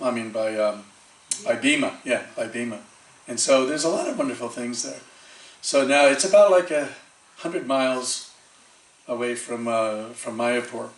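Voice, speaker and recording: A man giving a storytelling sermon at a temple, animated and chatty, acting out the voices in his stories with many fillers. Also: medium pitch. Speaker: temple speaker. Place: temple hall. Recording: echoey hall, distant mic.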